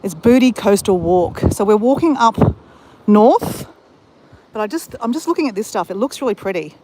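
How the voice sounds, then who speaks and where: Out on a windy coastline, an Australian woman streams live from her phone, chatting casually and enthusiastically with viewers at every turn. Her mid-range voice is expressive and moves at normal speed, with wind noise rattling the mic.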